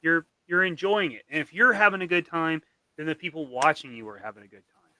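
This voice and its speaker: A man's voice: fairly high pitch, animated, brisk, bright, forceful tone. A man hosting a live stream in casual chat, enthusiastic, jokey and profane.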